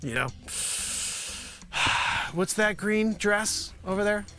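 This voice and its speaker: A man's voice: sits high, lively intonation, drawn-out words, over music. A man doing a rambling, sarcastic improvised comedy monologue as a pushy salesman.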